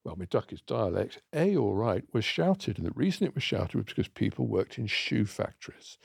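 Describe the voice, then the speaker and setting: Older English man, gravelly rasp, dry close studio sound, chatty storyteller who questions and answers himself. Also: fairly low pitch, sing-song, fairly quick, no echo. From England. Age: 60s. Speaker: co-host. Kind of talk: conversational explaining.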